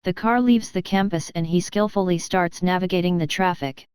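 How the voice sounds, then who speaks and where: A woman narrating a novel in the first person with a steady storytelling delivery. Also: lowish voice, moderate pace, smooth, no room sound. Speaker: audiobook narrator.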